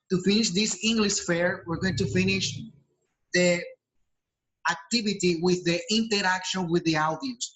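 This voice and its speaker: A man's voice: on the high side, fairly bright tone, poor audio. A male teacher giving hesitant, filler-heavy feedback to students over a video call. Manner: hesitant, many fillers and restarts.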